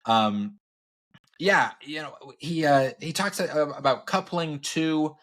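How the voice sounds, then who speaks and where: A man in his thirties co-hosting a podcast, telling stories in an animated way and laughing often. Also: fairly high pitch, slow pace. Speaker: podcast co-host. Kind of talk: casual chat.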